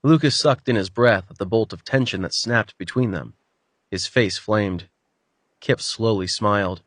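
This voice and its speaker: A man reading an audiobook in a slightly low voice, with an even and steady storytelling delivery. The sound is dry and close to the mic. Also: a little slow, no room sound. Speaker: audiobook narrator. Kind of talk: scripted narration.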